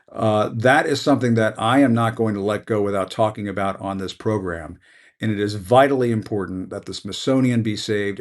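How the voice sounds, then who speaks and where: A middle-aged man hosting a news show, moving between casual talk with fillers and impassioned commentary built on a repeated rallying phrase. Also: lowish voice. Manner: conversational, with fillers. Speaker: host. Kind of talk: passionate news commentary monologue.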